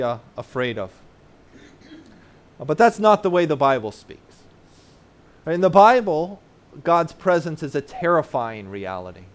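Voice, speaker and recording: Male pastor, sermon delivery, slightly high voice, earnest teacher, lots of "uh" and "right?". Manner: explains terms plainly for children in the congregation.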